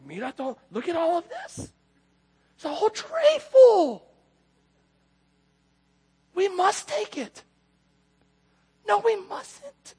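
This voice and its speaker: A man voicing his small elderly grandmother, excitable and hoarding, exclaiming in a slow, drawn-out way. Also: very high-pitched, voice pushed up, exaggerated voice. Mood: excited.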